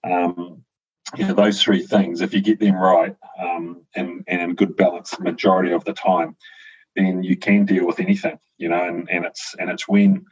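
A man's voice: sits low, flat delivery, normal speed, slightly rough. A man, a guest on a talk show, speaking reflectively with many fillers and restarts. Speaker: guest, avocado farmer. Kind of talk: casual conversation. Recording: dull lo-fi sound.

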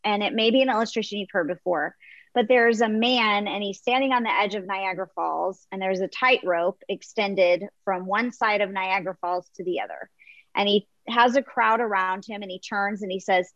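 A woman's voice: medium pitch, moderate pace, no echo, muffled recording. Woman telling a faith story, dry sound. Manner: storytelling, animated crowd voices in illustrations. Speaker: guest author. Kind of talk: faith podcast interview.

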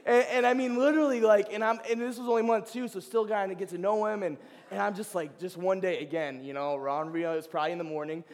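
High-voiced young man in an echoing hall. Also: fast, few pauses. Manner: animated, chatty storyteller. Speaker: ministry speaker. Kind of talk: informal sermon with personal stories. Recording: long hall reverb.

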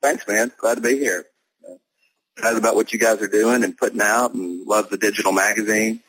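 A man who is a pastor, talking as a podcast guest in an easygoing way with many fillers, with a husky voice. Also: lowish voice, fairly even intonation, fairly quick, fairly bright tone, rough recording. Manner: easygoing, full of verbal fillers. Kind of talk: casual podcast interview.

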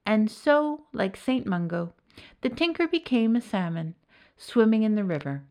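Expressive woman storyteller. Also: fairly high pitch, unhurried. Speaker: narrator and author. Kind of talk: storybook narration.

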